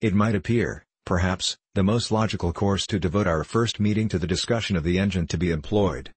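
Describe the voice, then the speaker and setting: A man lending a deep, slightly husky voice to a stately president of a gunnery club, composed and methodical, in a dry storybook reading. He lays out each point in calm, ordered sentences. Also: dry recording. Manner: measured, composed oratory.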